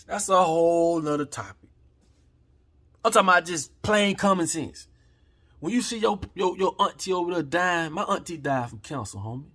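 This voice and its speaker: Man, husky, fired-up profane rant, fairly high voice. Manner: heated, profane, preachy, swings from quiet to shouting. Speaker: channel host. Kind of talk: impassioned rant to camera.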